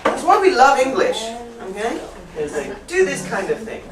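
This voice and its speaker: A woman teaching an English writing class, playful and quick to laugh, often teasing herself. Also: high voice, sing-song. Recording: echoey classroom, distant mic, faint hiss.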